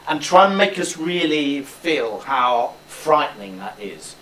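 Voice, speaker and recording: A man's voice: fairly high pitch, big pitch swings, a little slow, a bit bright. A male drama teacher coaching a student through a speech, encouraging him and demonstrating lines aloud. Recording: roomy, distant mic, faint background noise.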